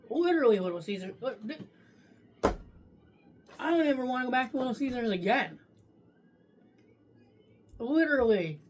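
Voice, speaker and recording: A woman's voice: on the high side, a little hiss or hum. Profane ranting woman food vlogger. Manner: profane, ranting, talks while chewing. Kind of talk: casual food review.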